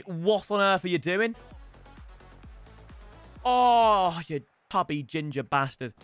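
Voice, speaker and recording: Brief: young man, gaming commentary, high lively voice, bursts into shouts, music underneath. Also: takes it slowly, clear, resonant tone. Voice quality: loud shouting outbursts and laughing banter. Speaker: gaming YouTuber. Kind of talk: excitable gameplay commentary.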